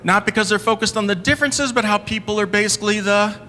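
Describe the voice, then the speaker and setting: A man giving a motivational keynote, telling stories dramatically, swinging from loud to hushed. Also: sits high, fast. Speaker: motivational speaker.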